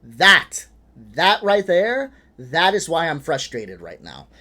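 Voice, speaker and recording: A man hosting a reaction video, talking in a frustrated, animated way, swearing and laughing between points. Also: fairly high pitch, slow pace. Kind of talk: casual reaction commentary.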